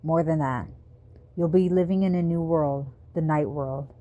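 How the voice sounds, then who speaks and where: Woman voicing a quiet, grave teen boy vampire. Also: low-pitched, no room sound, muffled recording. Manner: quiet, slow and serious.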